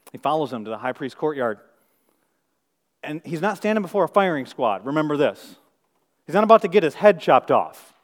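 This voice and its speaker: Pastor preaching with rhetorical questions. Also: male voice, medium pitch, in a large hall. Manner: rhetorical questions, swings from hushed to loud. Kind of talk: sermon.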